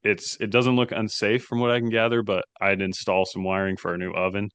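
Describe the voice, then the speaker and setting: A man co-hosting a podcast, talking in a measured, thoughtful way in casual chat. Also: on the low side, little pitch movement, a bit bright, smooth, no room sound. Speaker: podcast co-host.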